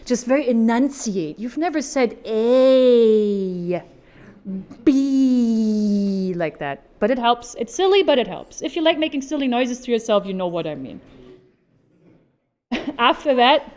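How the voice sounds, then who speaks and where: Woman, voice actor, panel speaker; bright-pitched, chatty and practical, upbeat with jokes. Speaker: voice actor giving a convention panel talk. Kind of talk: informal how-to presentation. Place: convention panel stage.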